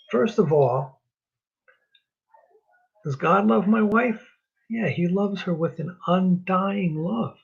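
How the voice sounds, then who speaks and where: Man from New Jersey, marriage class teacher, raised husky voice, dull lo-fi recording, earnest and rambling. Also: sits high. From New Jersey, US East Coast. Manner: earnest, repeats himself, self-deprecating asides. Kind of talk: casual teaching talk.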